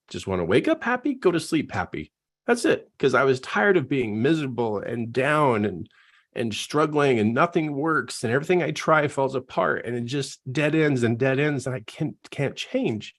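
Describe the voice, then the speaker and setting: A middle-aged man, a coach, giving an earnest, emotional personal testimony in a live online talk and laughing at himself. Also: on the high side.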